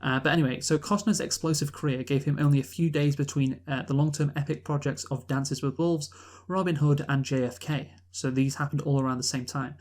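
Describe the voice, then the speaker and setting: Animated man reviewing a film. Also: fairly high pitch, brisk, hardly any pauses. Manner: animated, exasperated, frequent restarts. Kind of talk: casual conversational movie review.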